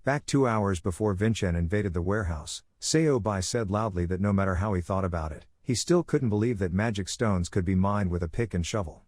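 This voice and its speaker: A man narrating a comic story recap in a steady storytelling manner. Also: deep voice, fairly quick, few pauses, dry recording, clean studio sound.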